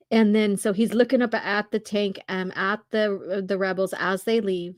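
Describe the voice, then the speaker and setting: A woman in a casual comic read-along chat, her voice a little hoarse and sitting in the middle of the range. She talks loosely, then slows into dramatic readings of the panel dialogue. The sound is dry, with no room echo. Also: mid-range voice, fairly even intonation. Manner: reads comic dialogue aloud in slow dramatic bursts. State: slightly hoarse. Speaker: podcast host reading comics.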